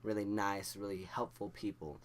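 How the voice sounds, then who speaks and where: A young man from Idaho tells a personal story straight to his audience, often stammering and restarting as he acts out what others said. His voice sits deep and low. A faint hiss of noise runs behind him. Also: steady tone, normal speed. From Idaho, USA. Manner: rambling, stammering restarts, acts out quoted dialogue. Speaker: vlogger. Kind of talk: casual storytelling to camera.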